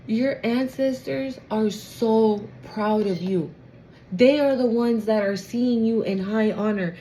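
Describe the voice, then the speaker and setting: A young woman gives her viewers a casual tarot reading, emotional, slangy and exclamatory, often swinging close to tears. Her voice sits on the high side and is a little mellow, with slight background noise.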